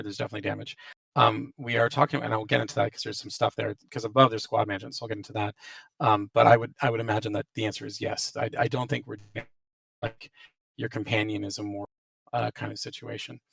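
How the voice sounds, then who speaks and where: In a creaky mid-range voice with a fairly bright tone, a game developer hosts a laid-back live Q&A, reading questions aloud and answering them amid many restarts, fillers, and hedges. The voice chat call leaves his audio dry, distant, glitchy, and robotic.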